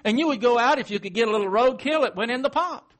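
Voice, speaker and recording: High-voiced man teaching a folksy sermon. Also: animated, fast talker, a bit bright. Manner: conversational, asks rhetorical questions, chuckles while explaining. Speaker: Bible teacher. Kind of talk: verse-by-verse sermon.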